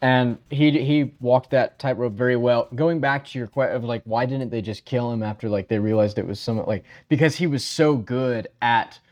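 A man's voice: mid-range voice, normal speed, hardly any pauses, darkish tone, muffled recording. A man co-hosting a podcast, casually telling a history story with many fillers and frequent yeahs.

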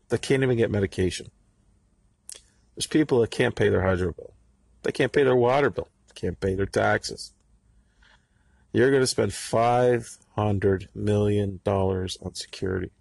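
A middle-aged man with a husky voice, ranting angrily and sarcastically with plenty of profanity in a podcast monologue. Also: fairly low pitch, no room sound.

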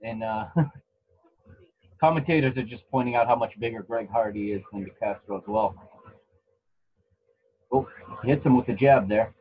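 A man co-hosting a podcast, giving relaxed play-by-play of a fight with restarts and chuckles. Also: mid-range voice, moderate pace, long pauses, lo-fi sound. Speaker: podcast co-host commentating a fight. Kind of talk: casual live fight commentary. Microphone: home microphone.

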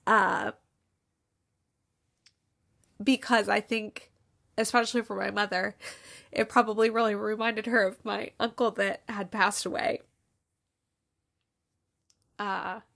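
A woman's voice: mid-range voice, flat delivery, a little slow, creaky, pauses often, fairly bright tone. A woman casually recapping a holiday movie plot, acting out the lines as she goes and close to tears. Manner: chatty retelling, acts out quotes, fillers like "like". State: tearful, near crying. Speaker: podcast host reviewing movies.

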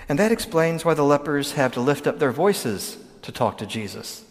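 A man's voice: fairly high pitch, big pitch swings, moderate pace. A man giving a sermon as pastor, explaining in a conversational way with frequent restarts and asides. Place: church sanctuary. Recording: long hall reverb.

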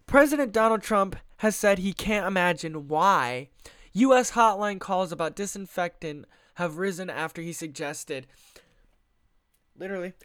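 A man's voice: high-pitched, fairly bright tone. Young guy ranting bout the news, cussing a lot, voice jumping all over, laughs a bunch. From United States. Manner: profane, exasperated, laughs often. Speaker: vlogger.

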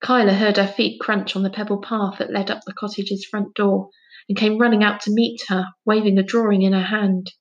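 A woman reads a children's story aloud at an even, mid-pitched level. Her narration is clear and gentle. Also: normal speed, dull audio. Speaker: story reader. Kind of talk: reading a children's book aloud.

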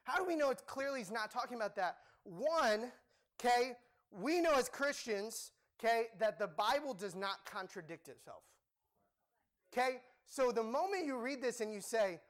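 A young man preaching a sermon in an animated, joking, emphatic way. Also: sits high, moderate pace.

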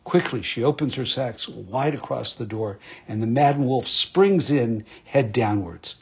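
A man narrating a fairytale in a measured, expressive storytelling manner. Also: mid-range voice, breathy edge, dull audio.

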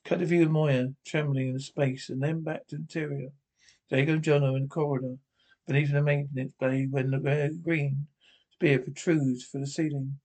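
A man reading a TV episode aloud with descriptions, halting and restarting often. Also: on the high side, level tone, a little mellow.

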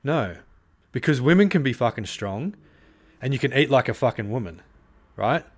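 A man's voice: mid-range voice, expressive, normal speed. A man hosting his podcast, talking alone in a heated way, with frequent swearing and many fillers. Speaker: podcast host. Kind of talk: solo podcast monologue.

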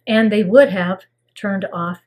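An older woman telling a personal story as an interview guest, earnest and soft, often dropping to a hushed near-whisper. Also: medium pitch, takes it slowly.

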